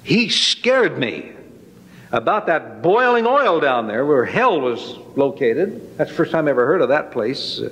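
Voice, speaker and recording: Folksy male testimony speaker, fairly high voice, long echo of a hall around him. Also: big pitch swings, a little slow, fairly bright tone. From Northern California. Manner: folksy, dramatic storytelling. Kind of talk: spoken personal testimony.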